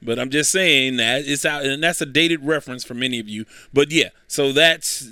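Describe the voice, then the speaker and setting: A man's voice: medium pitch, normal speed, pushed and bright, no echo, studio quality. A man hosting a sports talk segment, giving his football picks in a chatty way, correcting himself as he goes and adding wry asides. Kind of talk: casual sports picks commentary.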